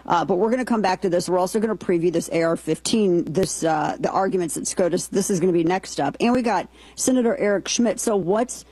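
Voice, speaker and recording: A woman's voice: lowish voice, fairly quick, few pauses, mellow, no room sound, rough recording. Emphatic woman hosting political talk. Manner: emphatic, indignant, reads quotes aloud. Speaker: political talk show host. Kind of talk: opinionated political commentary.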